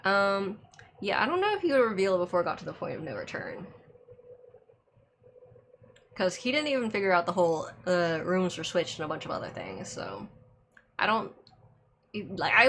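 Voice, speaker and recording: A woman's voice: lowish voice, a bit bright, a little hiss or hum. A woman with a lisp, chatting and laughing as she streams live. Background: music.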